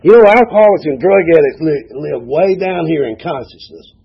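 A gravelly, husky-voiced man in his forties with a drawl, telling his recovery story in a folksy, joking way and acting out every bit of dialogue. The sound is dull and lo-fi, like an old tape of a meeting. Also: fairly high pitch, animated, moderate pace. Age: 40s. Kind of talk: personal testimony with humor. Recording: dull lo-fi recording.

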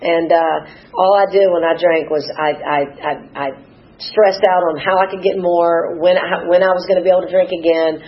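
A woman's voice: lowish voice, steady tone, normal speed, muffled recording. A woman in her fifties giving a teary, rambling personal testimony at a recovery meeting, acting out the dialogue she recalls. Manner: emotional, rambling, acts out quoted dialogue.

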